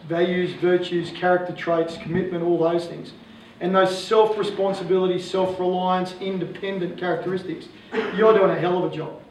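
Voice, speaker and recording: Australian man, joking and animated. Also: sits high, a little hiss or hum. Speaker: coach speaking to parents. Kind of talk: public talk. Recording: echoey hall from far off, faint ambience.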